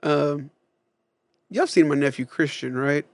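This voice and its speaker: High-voiced man rambling through a story. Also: a little slow, dry recording. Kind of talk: casual chat.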